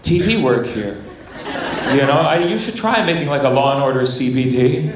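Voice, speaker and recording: A man's voice: mid-range voice, animated, normal speed. A man from the United States, doing a stand-up set and crowd work on a club stage, often stammering and restarting. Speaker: stand-up comedian. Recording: echoey club with loud noise. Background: audience laughter.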